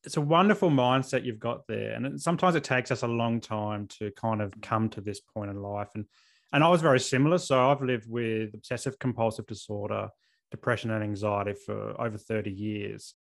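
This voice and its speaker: A South Australian man in his thirties hosts a podcast interview, chatting casually in an earnest, open way with halting restarts. He has an Australian accent and a fairly low, steady, creaky voice.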